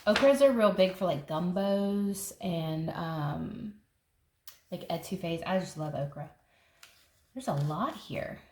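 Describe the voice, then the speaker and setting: A woman's voice: fairly low pitch, lively intonation, takes it slowly, a little mellow. A woman, chatting enthusiastically as she flips through a seed catalog for her gardening vlog and thinking aloud as she goes. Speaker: gardening vlogger. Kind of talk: casual catalog flip-through. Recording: echoey room with faint noise.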